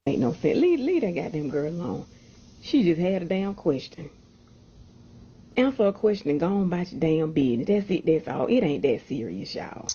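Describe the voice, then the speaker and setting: Husky, exasperated woman scolding. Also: fairly low pitch, sing-song, normal speed, mellow. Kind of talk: casual video rant. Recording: dull lo-fi audio.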